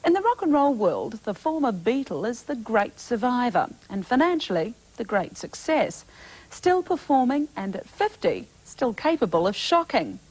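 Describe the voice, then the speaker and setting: A woman's voice: a little high, very animated, a little mellow, rough recording. Woman reading a formal news intro. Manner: measured, formal delivery. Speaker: news presenter.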